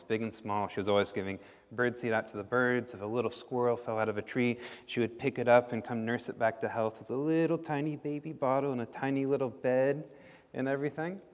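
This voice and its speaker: A man telling a folk tale to children in a church service, playful and full of questions to them, in an echoey hall. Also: mid-range voice. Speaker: storyteller. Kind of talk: children's story time in a service. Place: church sanctuary.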